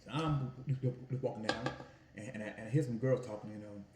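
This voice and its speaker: A man in his home kitchen, telling stories about his Italian ice business in an animated, folksy way while he cooks. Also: on the low side, quick pace, reverberant, background noise. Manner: animated, folksy storytelling with "y'all" and "family". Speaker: food vlogger and Italian ice vendor. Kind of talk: casual storytelling while cooking.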